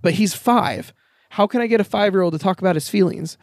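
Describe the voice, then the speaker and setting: Candid, casual, higher-voiced man. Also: a little fast, dry recording, clean studio sound. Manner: candid, swears freely, storytelling with quoted dialogue. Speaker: podcast guest. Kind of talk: casual conversation. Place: outdoors in a backyard.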